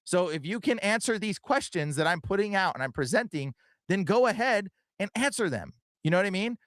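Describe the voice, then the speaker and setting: A man's voice: high-pitched, expressive, a bit bright, no echo. A young man hosting a livestream podcast, talking earnestly and casually with lots of fillers and "bro". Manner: earnest, fast, filler-heavy with frequent "bro" and "like". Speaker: podcast host.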